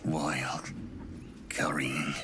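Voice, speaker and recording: An actor voicing a dead male cultist in a video game, speaking in a hollow, breathy whisper, one halting word at a time. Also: extremely low pitch, little pitch movement, noisy background, full character voice. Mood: grim.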